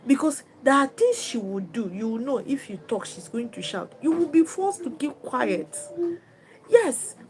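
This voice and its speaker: Woman host, slightly high voice, firm and repetitive advice talk on a livestream. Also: expressive, moderate pace, few pauses, a little hiss or hum, low-quality recording. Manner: emphatic, repetitive, instructive.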